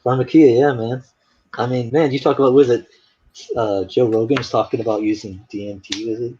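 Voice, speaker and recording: A medium-pitched, mellow male voice with fairly even intonation and a brisk pace. He's an artist casually chatting on a live stream, rambling through stories with many fillers, and the dull lo-fi recording has a little hiss or hum.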